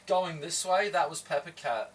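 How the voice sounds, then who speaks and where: A man's voice: fairly high pitch, husky. A man from Adelaide with a slight Australian accent, chatting casually with his livestream viewers while he cooks. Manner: slow, relaxed, chatty, greeting viewers. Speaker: livestream host. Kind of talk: casual chat while cooking. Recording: voice somewhat far from the mic.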